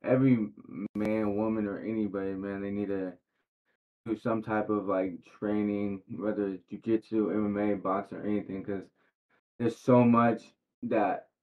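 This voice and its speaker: A professional boxer talking as a podcast guest in a laid-back, slangy way, full of fillers. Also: male voice, fairly low pitch, little pitch movement, moderate pace. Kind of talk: casual interview chat. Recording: tinny phone-like sound.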